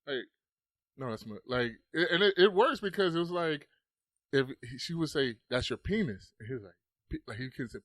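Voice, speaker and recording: A man's voice: medium pitch, fairly quick, dry recording. A young adult man telling stories in casual chat, swearing freely and acting out the quotes. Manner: animated storyteller, swears freely, acts out quotes. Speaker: podcast host.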